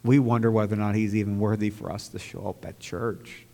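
A man preaching a sermon as pastor to his church, moving from quiet, reflective talk to loud, fervent outbursts. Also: lowish voice, fairly even intonation, a little fast, vocal fry, in a large hall.

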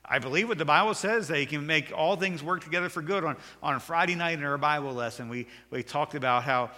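A pastor preaching a sermon, earnest and building to emphatic, raised passages with repeated words. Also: male voice, on the high side, a little fast, pushed and bright. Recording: long hall reverb.

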